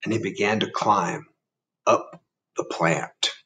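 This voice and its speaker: A man, a first grade teacher, reading a picture book aloud and chatting gently with children, asking them questions as he goes. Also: fairly low pitch, slow pace, distant mic, a little hiss or hum. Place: indoor room.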